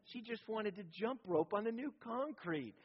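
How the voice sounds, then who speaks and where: A man's voice: sits high, lively intonation, normal speed, breathy edge. A man preaching a sermon in a conversational, storytelling way, often checking in with his listeners by asking "right?". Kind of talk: sermon on parenting. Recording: dull lo-fi recording.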